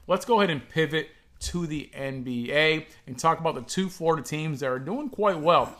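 A man's voice: fairly high pitch, fairly bright tone. A man co-hosting a sports podcast, teasing his partner while breaking down stats. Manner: teasing, analytical banter. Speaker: podcast co-host. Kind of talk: casual sports chat.

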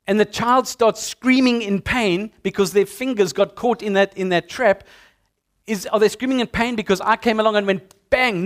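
Pastor telling stories. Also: male voice, high-pitched. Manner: storytelling, animated with acted-out sounds. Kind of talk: sermon.

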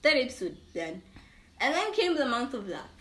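Animated, laughing young woman. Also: on the high side, moderate pace. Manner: animated, laughs often, self-deprecating. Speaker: podcast guest. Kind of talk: casual interview chat.

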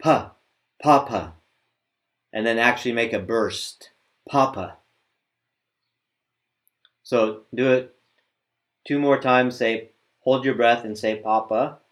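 A man patiently teaching Sanskrit pronunciation step by step, pausing and restarting as he demonstrates sounds. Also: mid-range voice, fairly even intonation.

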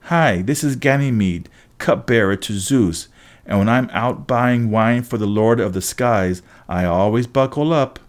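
A man's voice: mid-range voice, measured pace, lightly acted. A man voicing a cheery prerecorded safety announcement by a young man.

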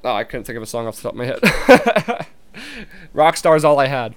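A man's voice: mid-range voice, sing-song, normal speed. A young man talking casually and rambling, with frequent swearing and restarts. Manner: rambling, swears, many restarts, laughs easily. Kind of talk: casual monologue.

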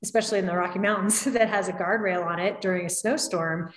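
A woman in her thirties talking in a casual chat, quick and upbeat. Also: mid-range voice, fairly even intonation. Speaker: co-author guest on a talk show. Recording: echoey room.

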